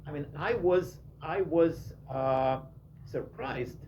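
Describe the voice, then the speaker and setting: A man with a Russian accent telling stories in a casual talk, halting often and searching for his words. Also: a little high, a little mellow. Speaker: speaker telling personal stories. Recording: muffled recording with faint hiss.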